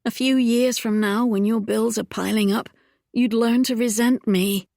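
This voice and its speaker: A woman's voice: on the high side, steady tone, a little slow, gravelly, dark tone, no echo, clean studio sound, voice pushed up. A woman voicing an earnest, emotional young Regency lady in an audiobook, speaking in a pleading, heartfelt way. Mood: distressed.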